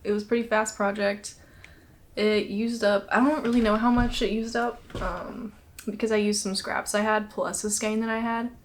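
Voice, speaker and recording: A woman's voice: mid-range voice, little pitch movement, moderate pace, a little hiss or hum. A young woman hosting a knitting podcast, chatting casually, laughing often and a little out of breath. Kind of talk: casual chat.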